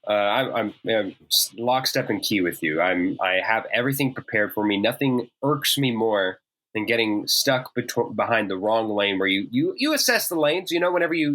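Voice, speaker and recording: A man's voice: medium pitch, fairly bright tone. A man co-hosting a podcast, riffing in wordy, playful casual chat and acting out little scenes. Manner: wordy, playful, acts out bits. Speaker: podcast co-host.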